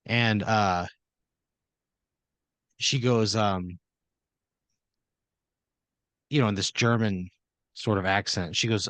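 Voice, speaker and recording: A man's voice: fairly low pitch, fairly even intonation, unhurried, pauses often, a bit bright, no echo. A man hosting a comedy podcast, narrating an improvised scenario in second person with lots of fillers and restarts. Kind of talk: improvised storytelling.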